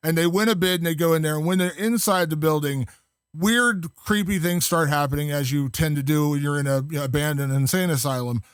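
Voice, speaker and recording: Excitable man with a high-set voice. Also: fairly quick, clean tone, no echo, studio quality. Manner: enthusiastic, rambling with many fillers. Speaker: guest film critic. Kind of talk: casual podcast chat.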